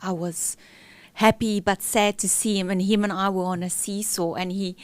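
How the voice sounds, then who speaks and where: A woman's voice: medium pitch, steady tone, moderate pace, no room sound. Woman telling a candid, emotional story. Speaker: guest. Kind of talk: personal story in a podcast interview.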